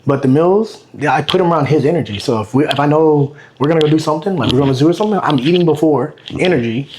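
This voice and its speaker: A man's voice: on the high side, fast, slight background noise. A man in his thirties, a bodybuilder and coach, chatting casually on a podcast and acting out what his clients say. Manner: animated storyteller, acts out voices of clients.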